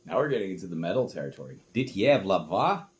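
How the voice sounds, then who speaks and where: A vlogger with a deep voice talks fast, his pitch swinging widely as he rambles casually and swears offhandedly. He's testing old recording gear at home, and the noisy recording is full of clicks.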